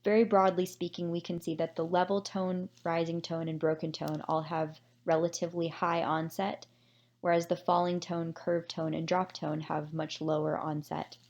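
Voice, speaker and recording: A woman presenting a summary of a research study in a measured, explanatory way, with occasional fillers. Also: fairly low pitch, level tone, a little mellow, highs cut off. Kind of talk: scripted academic presentation.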